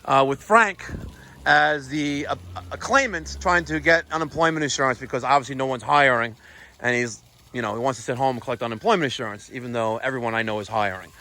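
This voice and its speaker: A man, vlogging outdoors while servicing air conditioners, excitable and quick to exclaim and laugh. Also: medium pitch. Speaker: plumbing and HVAC contractor. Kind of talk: on-the-job vlog. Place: outdoors at a house.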